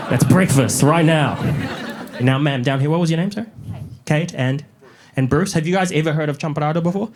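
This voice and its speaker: Young man, stand-up comedian, animated storytelling, quick put-on voices, high lively voice, live crowd venue. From New Zealand.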